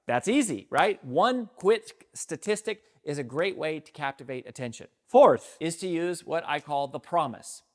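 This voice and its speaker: A man's voice: on the high side, unhurried, hardly any pauses. Emphatic man teaching public speaking. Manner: energetic, emphatic, acts out sample openings. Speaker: speaking coach. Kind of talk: instructional talk to camera.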